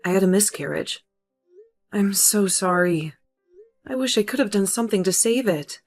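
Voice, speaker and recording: A woman's voice: on the high side, sing-song, slow pace, heavily acted. A woman playing a grieving young wife who pleads and accuses in a hurt voice, over faint background music.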